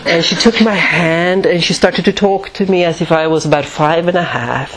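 A woman's voice: low voice, expressive, moderate pace, a little hiss or hum. A woman teaching at a retreat, telling a personal story in a reflective way and often laughing at herself.

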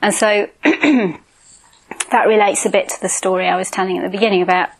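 A woman's voice: mid-range voice, fairly even intonation, normal speed, creaky, poor audio. A woman meditation teacher giving an informal dharma talk, telling and reading a Buddhist fable with light asides. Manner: informal, warm, chuckling asides.

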